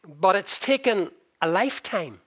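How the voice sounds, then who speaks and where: An older man preaching a sermon with passion, slowing for emphasis and swinging between loud and soft. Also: high-pitched, animated, slightly rough.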